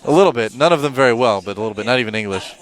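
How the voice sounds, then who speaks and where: A man's voice: medium pitch, lively intonation, very fast. A man commentating an esports match, with jokey, rambling banter between the plays. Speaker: esports caster. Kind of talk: play-by-play commentary. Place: broadcast studio in Seoul. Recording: music playing under the voice.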